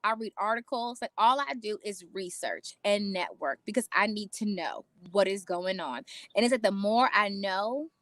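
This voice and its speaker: A woman talking straight to her viewers, animated and preachy, repeating lines for emphasis and calling them y'all and honey. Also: mid-range voice, moderate pace, few pauses, no echo. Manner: casual slang, calls listeners y'all and honey. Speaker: host. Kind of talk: casual motivational talk to viewers.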